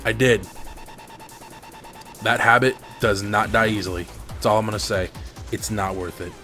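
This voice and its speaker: A man's voice: lowish voice, steady tone, moderate pace, bright, forceful tone, faint music behind. Profane, venting gamer man. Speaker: gaming commentator. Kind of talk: gameplay commentary rant.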